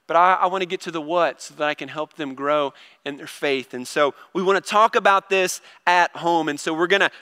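A middle-aged man preaching to a congregation, his voice high and bright against the long reverb of a big church hall. He talks in a loose, self-deprecating way and keeps restarting his sentences as he tells stories about his own children. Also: clean tone. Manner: conversational, self-deprecating storytelling with many restarts. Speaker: pastor. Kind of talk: sermon.

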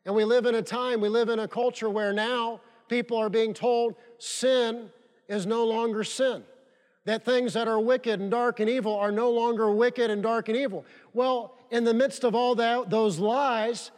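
A male pastor preaching a sermon, emphatic and fond of repeating key phrases for stress. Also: extremely high pitch. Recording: long reverb of a large hall.

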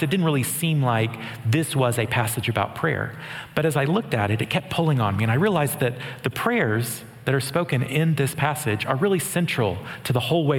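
A man giving a sermon, reading scripture aloud and explaining it with earnest warmth and touches of dry humor. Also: medium pitch. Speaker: preacher. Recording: long hall reverb.

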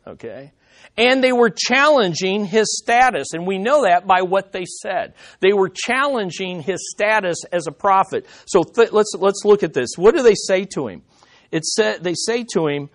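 A man's voice: sits high, lively intonation, normal speed. A man teaching a Bible study, emphatic, asking rhetorical questions and answering them himself.

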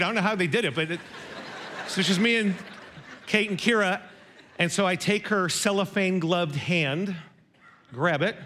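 A man's voice: high voice, fairly bright tone. A middle-aged man preaching a sermon, telling a personal story in a conversational, self-deprecating way with quoted dialogue.

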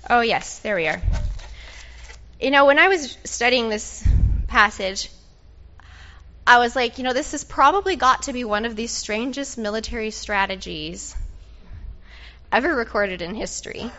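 A woman leading a playful, animated sermon, directing her audience through a Bible story and doing sound effects. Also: a little high, moderate pace, long pauses, muffled recording. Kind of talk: lively sermon with audience participation.

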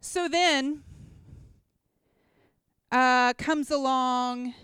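A woman giving a chatty, animated personal testimony to a gathering, often checking in with listeners. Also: sits high, measured pace, clean tone, no echo, studio quality. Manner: chatty, animated storytelling with props. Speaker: speaker at a church gathering.

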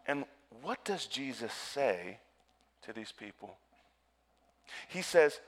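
Male pastor preaching, mid-pitched voice, dynamic swings from loud to hushed, drawn-out emphasis. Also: sing-song. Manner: slows and stretches words for emphasis. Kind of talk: sermon.

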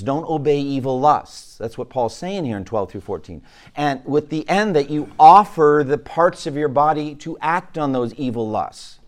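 Man preaching a conversational sermon. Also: medium pitch. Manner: conversational teaching, asks the room questions; repeats and restarts words. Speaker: pastor.

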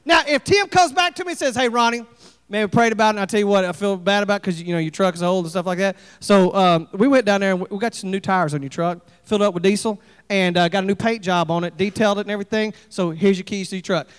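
Man, pastor, animated folksy sermon, very high pitch, long hall reverb. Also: fast talker, smooth. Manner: folksy, animated preaching with acted-out asides. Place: church sanctuary.

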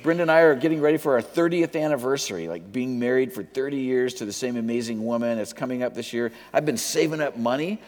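A man's voice: medium pitch, fast talker, few pauses, a little mellow. A middle-aged man preaching a sermon as a pastor, casual and joking, often wandering off topic. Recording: long hall reverb.

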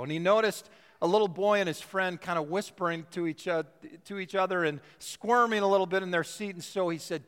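High smooth-voiced guy preaching, leans hard on key words, big churchy reverb. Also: fairly bright tone. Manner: emphatic, drawn-out phrasing on key words. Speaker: pastor. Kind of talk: sermon. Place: church sanctuary.

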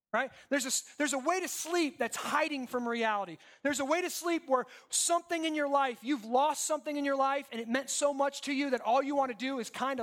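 High-voiced man preaching a sermon. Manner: conversational, asks the crowd questions; animated, swings between loud and hushed. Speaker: pastor.

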